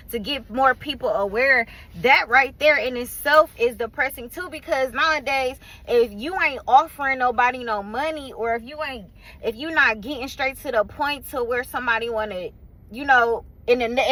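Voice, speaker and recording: A high, bright, forceful female voice on a low-quality recording. She's a vlogger and small business owner ranting from her car in a loose, rambling way, sounding tired and fed up, cursing freely and filling gaps with fillers.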